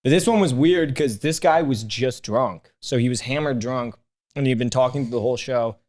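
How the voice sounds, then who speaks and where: A young man, his voice sitting in the middle range for a man, tells stories with lots of swearing on a studio podcast. He slips into quoted voices and keeps the telling lively. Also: medium pitch, moderate pace. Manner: animated, profane, acts out quoted voices. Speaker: guest comedian. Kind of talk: casual podcast chat, storytelling.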